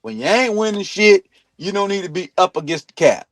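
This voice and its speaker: A man hosting a sports talk stream, ranting bluntly and swearing a lot, jumping between loud outbursts and low mutters. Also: sing-song, fairly quick, no room sound. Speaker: sports talk show host. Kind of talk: profane sports opinion rant. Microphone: streaming mic.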